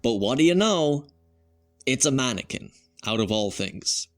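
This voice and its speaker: A man's voice: medium pitch, lively intonation, measured pace. A man reviewing an old television episode in a chatty, musing way, full of conversational asides. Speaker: video reviewer. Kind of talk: casual spoken review.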